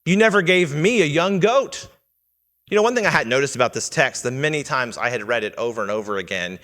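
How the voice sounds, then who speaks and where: A man of medium pitch and a bright, forceful tone gives an earnest, teaching sermon in a church sanctuary. He quizzes the congregation and acts out quoted lines in character, and the hall's long reverb lingers on his words.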